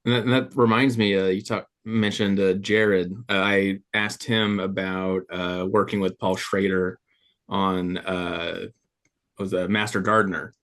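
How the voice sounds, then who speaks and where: A man co-hosting an interview, asking a question hesitantly with many pauses. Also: low-pitched, little pitch movement, fairly bright tone. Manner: hesitant, lots of uh. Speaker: podcast co-host. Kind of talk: casual interview.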